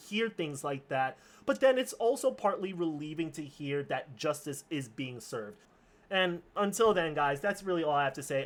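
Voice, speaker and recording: A streamer giving casual commentary on a news story, passionate and indignant, often restarting words. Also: medium pitch.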